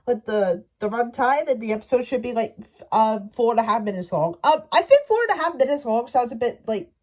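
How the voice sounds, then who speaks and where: Brief: high-pitched woman, fan rant, halting delivery full of restarts. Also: expressive, a little mellow. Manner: halting, stumbling, many restarts. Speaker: fan commentator. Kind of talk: casual rant to camera.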